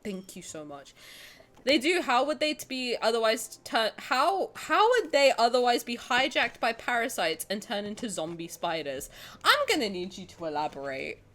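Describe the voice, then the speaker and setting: Lively bright-voiced woman streamer. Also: fairly high pitch, normal speed. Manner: animated, swearing, bantering with chat, bursts of laughter. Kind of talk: casual live-stream chat.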